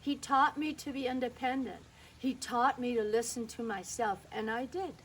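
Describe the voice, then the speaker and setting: Woman, reflective storyteller, fairly high voice, soft background hiss. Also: steady tone, normal speed, poor audio. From northern Germany. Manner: reflective, recounts quoted dialogue. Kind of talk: personal storytelling.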